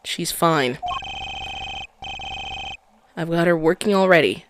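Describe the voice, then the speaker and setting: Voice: mid-range voice, takes it slowly, background noise, natural voice. A streamer reading the lines of a weary, laid-back male defense attorney in a dry, matter-of-fact way, with game music underneath. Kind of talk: reading game dialogue aloud.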